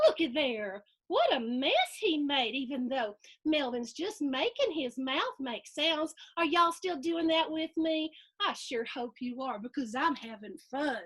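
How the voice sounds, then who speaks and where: A middle-aged woman, reading a picture book aloud to children with animated gasps and playful asides. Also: high-pitched. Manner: animated, gasping, playful asides to young listeners. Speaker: storytime host reading to children.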